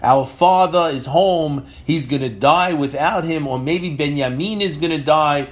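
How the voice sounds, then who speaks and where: A man teaching a class on the weekly Torah portion, retelling the biblical quotes with lively emphasis and reading out Hebrew phrases. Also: on the high side, measured pace.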